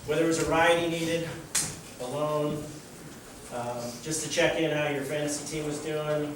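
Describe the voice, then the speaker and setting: A man's voice: a little high, fairly even intonation, moderate pace. Man, wry casual eulogy, distant mic, heavy noise and reverb. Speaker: friend giving a eulogy. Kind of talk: memorial speech. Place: memorial hall. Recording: distant mic in noisy echoey hall.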